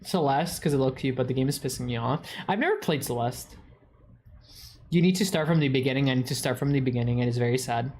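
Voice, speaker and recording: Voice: medium pitch, fast, a little mellow, a little hiss or hum. A streamer with a stuffy nose, casually chatting with viewers and answering their questions, full of crude swearing and mock insults.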